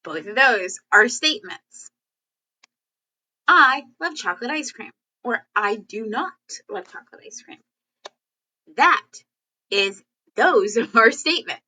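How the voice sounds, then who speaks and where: A woman teacher talks through a lesson in a chatty, animated way, now and then acting out example sentences. Her voice sits a little high and sounds bright and crisp. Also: slow, long pauses, poor audio. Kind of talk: classroom lesson video.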